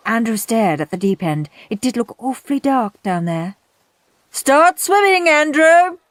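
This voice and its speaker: A woman narrating a children's story aloud in an expressive storytelling manner. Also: medium pitch, moderate pace, no room sound. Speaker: audiobook narrator.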